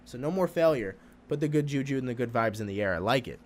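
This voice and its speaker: A young man hosting a podcast, talking alone in a rambling, profane, animated way about spirituality, laughing often. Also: medium pitch, fast. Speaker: podcast host. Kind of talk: casual spiritual podcast monologue.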